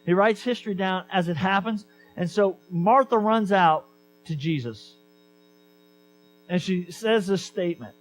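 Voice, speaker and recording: A man preaching a sermon as pastor, conversational and animated, repeating key lines for emphasis. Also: high-pitched, a little slow, pauses often, low-quality recording.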